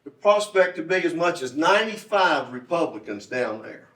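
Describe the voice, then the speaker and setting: A man's voice: fairly high pitch, very animated, moderate pace, a bit bright. A man, giving a folksy, rambling campaign speech at a club meeting, repeating his points for emphasis. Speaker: candidate for state delegate. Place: meeting room. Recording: roomy echo, distant mic.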